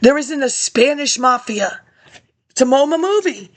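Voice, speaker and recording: High-pitched, confrontational woman ranting. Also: animated, normal speed. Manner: confrontational, accusing, jumps between topics. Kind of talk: rambling political rant to an absent audience.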